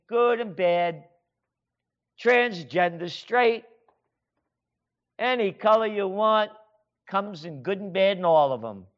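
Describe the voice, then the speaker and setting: A man's voice: high voice, lo-fi sound. An American man and author ranting sarcastically in a monologue, firing off rhetorical questions in a heated tone. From United States.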